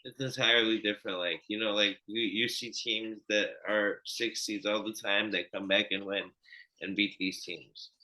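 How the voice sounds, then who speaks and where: A man's voice: on the low side, fairly even intonation, moderate pace, sharp tone, low-quality recording. A man co-hosting a sports betting podcast, talking loosely and with swearing, repeating points as he goes. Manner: loose, profane, repeats himself. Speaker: podcast co-host. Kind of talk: casual sports betting chat.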